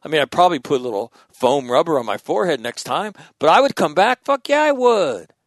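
A middle-aged man in a casual podcast conversation, telling stories in a profane, animated way. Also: fairly high pitch, brisk, no echo.

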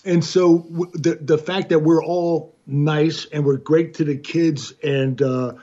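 A man and military veteran in a casual chat, speaking haltingly and restarting mid-sentence. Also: on the high side, steady tone, warm tone, highs cut off.

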